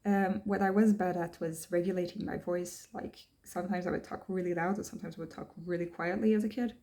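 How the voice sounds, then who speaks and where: Young woman vlogging, mellow kinda low voice, lots of um and restarts, thinking out loud. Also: steady tone, fairly quick. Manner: thoughtful, hesitant, many ums and restarts; reads checklist items aloud, then answers them. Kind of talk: casual talk to camera.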